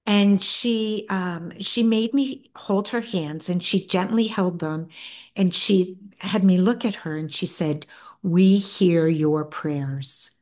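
A middle-aged woman, an author and guest, tells a personal story in a soft, earnest way, often stopping and restarting her sentences. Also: medium pitch. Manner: soft-spoken, earnest, halting with many restarts.

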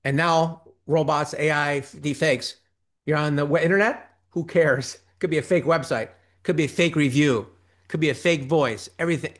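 A man talking as a guest on an interview show, animated and quick, acting out quoted reactions in between. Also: fairly high pitch. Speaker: interview guest, ghostwriting business owner. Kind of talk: conversational interview.

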